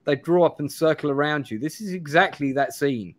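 A man's voice: on the high side, fairly quick. A man in his forties hosting a live play-through, reading a gamebook aloud with restarts and asides. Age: 40s.

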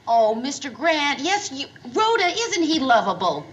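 An earnest young colleague with a worried tone, her high voice moving lively up and down. She sits a little off the mic on a hissy old TV soundtrack. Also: measured pace, far from the mic, exaggerated voice. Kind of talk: 1970s studio sitcom acting.

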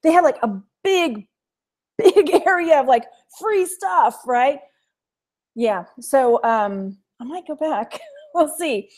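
A chatty Texan woman hosts a live thrift haul stream, laughing often and reading viewers' comments aloud in casual chat. Her voice is high-pitched, expressive and a little mellow, and she takes things slowly.

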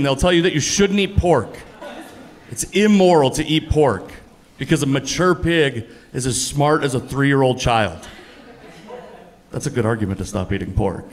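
Profane stand-up comic, rising to loud punchlines. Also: male voice, fairly high pitch. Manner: deadpan, profane, builds to loud exasperated punchlines. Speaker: stand-up comedian. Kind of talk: stand-up comedy set. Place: comedy venue with live audience. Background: audience laughter.

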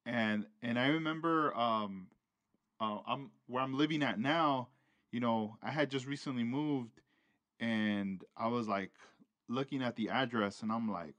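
A man hosting a podcast, talking in a relaxed, slangy way with plenty of fillers. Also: medium pitch, measured pace, dry recording. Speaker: podcast host. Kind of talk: casual chat.

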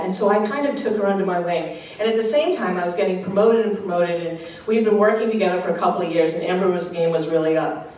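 A woman from Rhode Island with a Rhode Island accent, telling a personal story on stage in an animated, laughing, self-mocking way. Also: on the low side, quick pace. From Rhode Island, USA. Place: live storytelling show. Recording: echoey live venue from far off.

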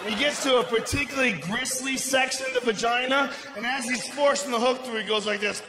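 Man, stand-up comedian, high voice, loud profane storytelling, roomy live venue, background noise. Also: brisk, hardly any pauses, a crowd in the background. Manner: loud, profane, animated storytelling with shouted bursts. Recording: echoey live venue with ambience.

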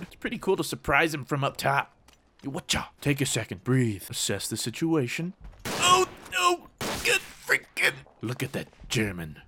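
Lively, animated male gaming commentator. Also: mid-range voice, a little hiss or hum. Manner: mock-serious war narration broken by excited outbursts; jokey, teasing. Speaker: gaming YouTuber. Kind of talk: gameplay commentary.

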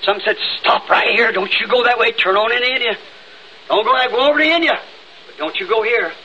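A Southern man preaching in a church with a very high, piercing, bright voice. He talks in a fervent revival style and breaks into sudden shouts. The sound is a dull, lo-fi 1960s tape with a faint hiss underneath. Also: fairly quick. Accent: Southern United States. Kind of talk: old-time revival sermon. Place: church sanctuary.

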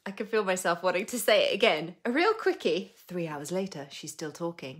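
A young adult woman with a low voice, chatting casually to viewers on a live stream. She rambles and laughs a lot. She drops the odd swear word without fuss. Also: lively intonation, fairly quick, few pauses. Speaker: coach hosting a live stream.

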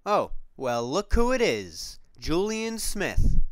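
A man's voice: high voice, big pitch swings, slow, no room sound, clean studio sound, heavily acted. A man voicing a goofy, clueless young man who rambles with easy self-assurance. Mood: rambling.

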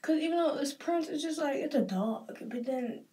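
A woman's voice: high voice, moderate pace, warm tone, distant mic. A young woman with a Southern US accent talks casually and emotionally while getting ready, rambling and saying "like" a lot. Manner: rambling and emotional, often says "like". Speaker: vlogger.

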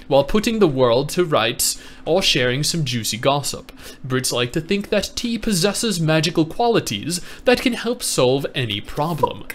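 A man's voice: fairly high pitch, lightly acted. A man putting on a British accent to voice an earnest documentary narrator, mock-serious and theatrical. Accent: put-on British.

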